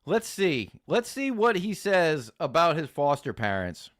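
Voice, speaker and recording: High-pitched guy reacting to clips on stream, slow and drawn out, cussing and hyped. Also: a crowd in the background. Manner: excitable, profane, mock-enthusiastic. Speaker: host reacting to videos. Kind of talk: live-stream reaction commentary.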